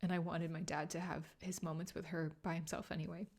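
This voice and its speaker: A woman podcast host telling a personal story in a soft, halting, tearful way, often dropping to a whisper. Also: lowish voice, flat delivery. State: emotional, near tears. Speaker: podcast host and grief coach. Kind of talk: personal solo podcast monologue.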